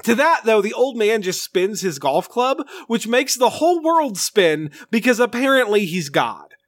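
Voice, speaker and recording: A man's voice: high-pitched, big pitch swings, normal speed, a bit bright, no room sound. A man co-hosting a podcast, giving a casual, sarcastic, profane recap of a TV episode and laughing often. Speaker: podcast co-host.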